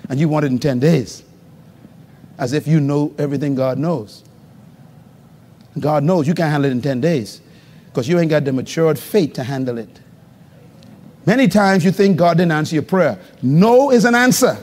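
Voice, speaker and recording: A man preaching a live sermon as pastor to a congregation, calling for responses and swinging between loud high exclamations and low murmurs. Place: church hall before a congregation. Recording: live recording with long hall reverb.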